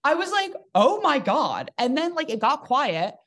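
Une femme comédienne, conteuse animée. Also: female voice, high-pitched. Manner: animated, joking storyteller with quick asides. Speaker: comedian guest. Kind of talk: casual storytelling chat.

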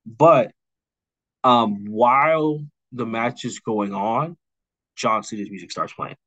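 A man's voice: mid-range voice, bright, forceful tone, no echo, rough recording. A young man co-hosting a podcast, recapping a storyline in a rambling casual way with lots of fillers. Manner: mimics wrestlers' lines in quick asides. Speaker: podcast co-host. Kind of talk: casual chat, pitching a storyline rewrite.

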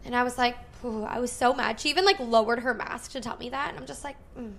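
Woman, thirties, podcast host; chatty storyteller, lots of "like", slightly high pitch. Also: fast talker, vocal fry. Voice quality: frequent "like" fillers, animated retelling with quoted dialogue. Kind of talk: casual storytelling chat.

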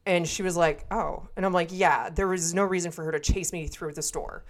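A woman's voice: on the low side, fairly even intonation, a little fast. Blunt, swearing woman telling a story. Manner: blunt, heavy swearing, acts out quoted dialogue. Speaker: podcast co-host. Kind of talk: casual storytelling.

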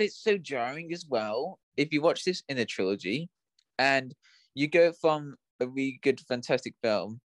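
A man from England co-hosting a casual film podcast, joking around and chiming in with quick agreement. His pitch swings widely as he talks. The sound is close and dry. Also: no room sound. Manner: lively, jokey, quick agreeing interjections. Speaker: podcast co-host. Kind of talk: casual film review chat.

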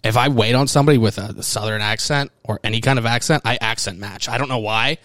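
Joking podcast host, dry close sound. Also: male voice, mid-range voice, fast, a bit bright, no echo. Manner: joking, self-mocking, laughs often. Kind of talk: casual chat.

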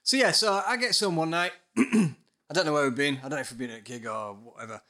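A man's voice: a little high, a little fast, pushed and bright. A man, a guest musician telling a ghost story in casual podcast chat, swearing and laughing often.

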